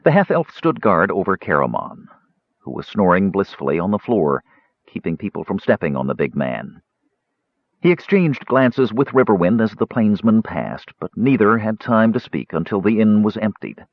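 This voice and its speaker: Man, audiobook narrator, very deep voice, lively intonation, dry, slightly muffled. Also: normal speed, no echo. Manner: expressive, varied delivery. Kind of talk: scripted fantasy narration. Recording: slightly dull audiobook recording.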